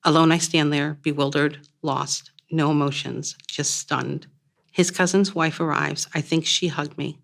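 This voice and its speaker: A woman reading her own first-person story aloud in a measured, plain storytelling manner. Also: sits low, fairly even intonation, creaky.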